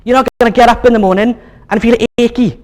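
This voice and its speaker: In a church hall, a preacher from Wales with a strikingly high voice addresses his congregation at a quick pace. His sermon is friendly and full of jokes, and he repeatedly urges the crowd to get fired up.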